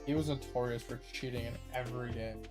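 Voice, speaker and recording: A man's voice: medium pitch, fairly even intonation, fast, darkish tone, soft background music. A man streaming games, telling a long rambling story from his childhood with lots of swearing and laughter. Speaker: gaming streamer. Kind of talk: casual storytelling on a game stream.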